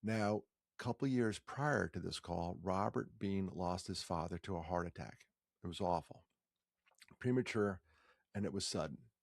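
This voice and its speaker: Man, 50s, from New York, chatty storyteller, gravelly voice, dry close sound. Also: low voice, moderate pace, no room sound. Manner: chatty, joking asides, lively stress. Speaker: nonprofit founder telling a personal story. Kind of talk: casual personal storytelling.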